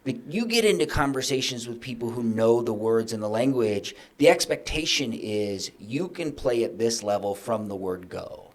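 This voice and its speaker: A middle-aged man telling candid business stories as a podcast guest, acting out his own past conversations with lively emphasis. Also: mid-range voice, normal speed, few pauses. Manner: animated, acts out his own past dialogue.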